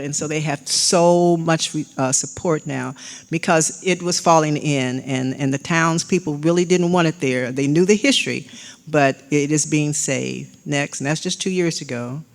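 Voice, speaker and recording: A woman's voice: deep voice, gravelly. An older woman giving a slide-show history lecture, chatty and informal, calling for the next slide. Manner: conversational, with frequent fillers and restarts, cueing slides with "next". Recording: long hall reverb.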